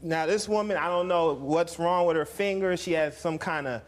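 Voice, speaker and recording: A man's voice: on the high side, moderate pace. A man in his thirties on a TV court show, defending himself and laughing as he talks. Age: 30s. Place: TV studio courtroom. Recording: noisy TV studio audio.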